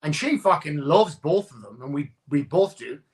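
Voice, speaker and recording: A man's voice: on the high side, big pitch swings, normal speed. A man co-hosting a live stream from home, chatting casually about movies, swearing freely and teasing. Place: home setup.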